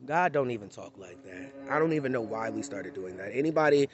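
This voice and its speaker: A man's voice: on the low side, expressive, brisk, lo-fi sound, crowd noise. A man giving an unscripted, blunt and impassioned monologue to camera in a candid, conversational tone. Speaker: vlogger.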